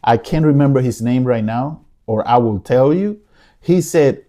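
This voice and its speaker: A man talks alone to his audience with a warm, mellow voice at an ordinary pitch. He is impassioned and pleading, and he circles back to the same phrases again and again. He speaks from his living room. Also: animated, measured pace. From United States. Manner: emotional, pleading, repeats himself. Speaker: podcast host. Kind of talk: impassioned solo commentary.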